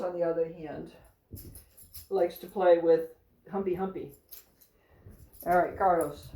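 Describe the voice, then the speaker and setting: A woman's voice: fairly low pitch, warm tone, reverberant, distant mic, low-quality recording. A woman chatting casually at home while giving cheerful commands to her three dogs. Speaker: therapy dog handler.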